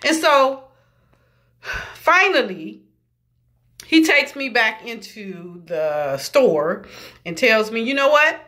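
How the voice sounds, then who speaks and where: A woman's voice: a little high, very animated, takes it slowly, long pauses, bright, forceful tone. A woman ranting heatedly about a bad customer service visit, swearing freely and acting out what each person said. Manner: heated, swearing freely, quoting people in voices. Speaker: vlogger. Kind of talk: angry storytelling rant.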